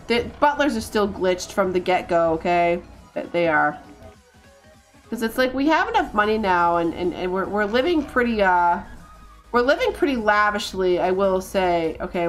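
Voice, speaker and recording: Over soft background music, a woman gives live commentary while playing a life-sim game, bossing her characters about, laughing often, and tripping over repeated words. She speaks at medium pitch and a moderate pace, with an expressive voice.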